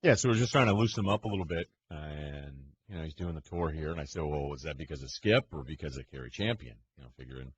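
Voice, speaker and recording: A man's voice: rumbling low, animated, fast talker, hardly any pauses. A man co-hosting a sports radio show, telling stories in dry, casual banter. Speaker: co-host. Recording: slightly muffled with faint noise.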